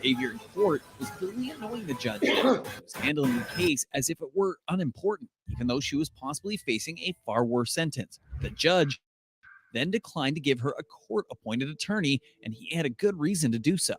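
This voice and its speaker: A man giving scripted narration in an even, matter-of-fact way. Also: fairly high pitch, brisk, breathy edge.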